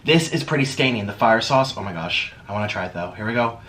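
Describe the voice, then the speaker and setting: A man hosting a chatty eating vlog at home, talking in a theatrical sing-song way that swings from loud bursts to mumbles. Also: mid-range voice, expressive, a little fast, slight background noise. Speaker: mukbang host.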